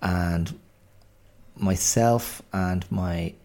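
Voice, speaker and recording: A man's voice: deep voice, drawn-out words, warm tone. A man in his forties, hosting a podcast in a rambling, self-deprecating, chatty monologue. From Ireland. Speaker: podcast host. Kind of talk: casual monologue.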